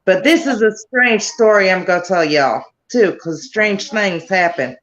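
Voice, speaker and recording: A woman speaks over a call at a mid pitch, and her voice comes through dull and lo-fi. She tells her story as a grieving mother, rambling and circling back to details. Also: measured pace. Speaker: grieving mother interviewed about her daughter's death. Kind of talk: remote interview over a call.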